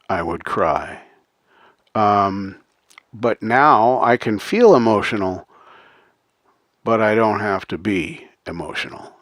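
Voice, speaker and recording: A man's voice: fairly low pitch, no echo, clean studio sound. A man hosting a casual livestream, talking earnestly to his chat with many ums and uhs and frequent chuckles. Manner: chuckles often, reads out chat names. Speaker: livestream host.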